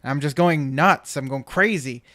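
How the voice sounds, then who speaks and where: A man's voice: fairly high pitch, normal speed, pushed and bright, no echo, clean studio sound. A man hosting a podcast, telling a long rambling anecdote in casual chat and acting out what people said. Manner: rambling storyteller, acts out quotes. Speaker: podcast host.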